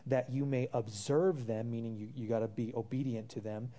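Mellow-voiced preacher man, earnest sermon. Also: medium pitch, steady tone, normal speed. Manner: reads scripture then asks the congregation rhetorical questions; calls listeners brothers and sisters, casual asides.

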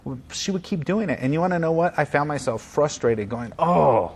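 A man pastor preaching a sermon in an earnest, conversational way, moving between soft moments and emphatic ones. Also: on the high side, lively intonation, fairly quick.

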